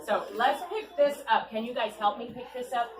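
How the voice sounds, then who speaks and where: An author reads to kids in an ice cream shop, her fairly high voice moving at a normal speed and captured from a distance. She's animated and coaxing, repeatedly asking the children questions. Clear chatter fills the echoey room.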